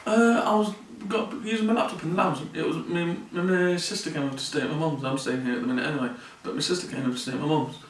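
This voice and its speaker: A man speaks earnestly and plainly in a personal vlog, often circling back to repeat himself. His voice sits a little high for a man. He sounds some way from the mic, in a room with noticeable echo. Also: steady tone, quick pace, hardly any pauses, a little hiss or hum. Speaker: vlogger. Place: room in his mother's home. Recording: roomy sound from a distant mic.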